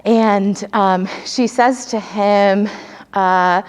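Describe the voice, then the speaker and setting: Woman, earnest devotional storyteller, mid-pitch, long hall reverb. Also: steady tone, very slow, clean tone. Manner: earnest, searching for words. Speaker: speaker at a spiritual service. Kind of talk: storytelling talk.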